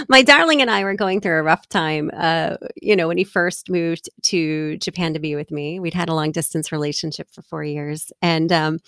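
A woman telling personal stories in a relaxed conversation, laughing often and acting out bits of dialogue as she reflects. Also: low-pitched, no echo, studio quality. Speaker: guest.

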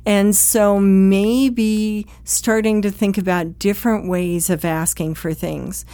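A woman's voice: medium pitch, steady tone, takes it slowly, dark tone, no echo. A direct, plain-spoken woman teaches first responders about communication at home. She talks in a conversational way and briefly acts out quoted exchanges. The recording is dry and close, with almost no room sound.

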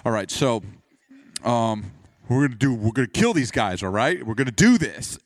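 A man's voice: mid-range voice, lively intonation, normal speed, dry recording, natural voice. Man doing a jittery war chief, offhand and awkward. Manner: awkward casual pep talk. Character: nervous male army leader rallying troops.

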